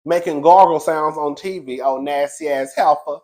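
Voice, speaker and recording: A man's voice: a little high, normal speed, a little mellow. A man hosting a reality TV recap, talking in a brash, sassy, profane way and laughing often as he gossips. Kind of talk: casual gossip commentary.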